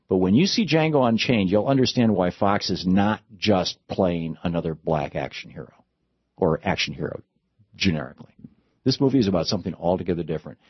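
A man's voice: lowish voice, breathy edge, no room sound. A man delivering a political commentary monologue, impassioned and with sarcastic asides. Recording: dull lo-fi dry recording.

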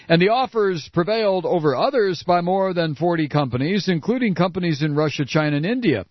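A man reads a news story aloud and breaks into sarcastic, mocking asides. His pitch sits a little high and leaps all over the place. The recording is dry and dull, with a lo-fi sound. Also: expressive, normal speed, no echo. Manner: swings from shrill mock surprise to low muttering. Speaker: political commentary host. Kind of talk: sarcastic commentary reading a news article.

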